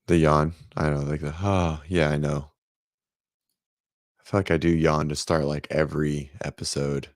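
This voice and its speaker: A man's voice: very deep voice, little pitch movement, normal speed, no echo, studio quality. A man hosting a casual morning fitness livestream from home, chatting loosely, greeting viewers by name and rambling as he goes. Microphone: desk microphone.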